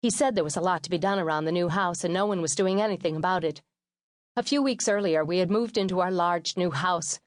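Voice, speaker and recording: A woman narrating a memoir audiobook in a steady, measured reading voice, acting out quoted lines lightly. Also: lowish voice, no room sound, studio quality.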